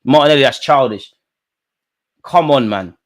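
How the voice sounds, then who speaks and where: Excitable young football streamer. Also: male voice, moderate pace. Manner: shouts at players and ref, swings from mutters to high yells. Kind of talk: live match reaction commentary.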